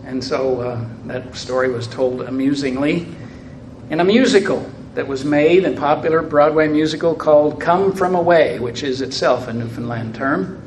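An older man speaking to a congregation, telling stories and reading aloud at a measured, unhurried pace, his phrases trailing off softly. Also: on the high side, roomy sound, slight background noise, poor audio. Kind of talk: storytelling talk with reading aloud.

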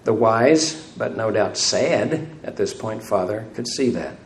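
A man's voice: on the low side, expressive, unhurried. A man preaching a sermon, asking the congregation rhetorical questions and adding light self-deprecating humor. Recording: echoey room, faint room noise.

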